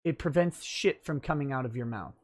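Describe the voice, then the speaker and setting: A man's voice: mid-range voice, fairly quick, no echo, studio quality. A man hosting a livestream, explaining legal matters in a casual, thinking-aloud way with fillers. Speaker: livestream talk show host and lawyer.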